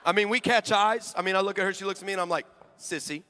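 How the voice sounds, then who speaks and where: A young male preacher tells a story from the pulpit, his voice unusually high for a man. His tone is sharp and bright, and he throws himself into it, jumping from shouted lines to quiet, hushed asides. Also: steady tone, very fast, a little hiss or hum. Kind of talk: sermon. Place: large hall with live audience.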